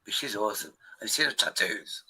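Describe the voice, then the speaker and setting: A man's voice: lowish voice, lively intonation, gravelly, sharp tone, husky, poor audio. A man chatting casually on a stream, swearing and joking. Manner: swearing, banter, quick asides. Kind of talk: casual chat.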